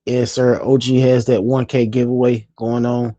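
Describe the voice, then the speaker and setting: A man's voice: medium pitch, flat delivery, normal speed, warm tone, no echo, muffled recording. Laid-back man hosting a live stream. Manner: laid-back, chatty, repeats phrases. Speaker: livestream host. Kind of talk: casual live-stream chat.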